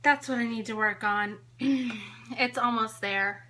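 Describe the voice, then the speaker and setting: A woman's voice: a little high, a little slow, sharp tone. A pregnant woman in her late thirties, a little out of breath, chatting and giggling as she gives viewers a tour of her home on a tripod camera. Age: 30s. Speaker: home organizing vlogger. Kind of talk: casual live-stream chat giving a home tour.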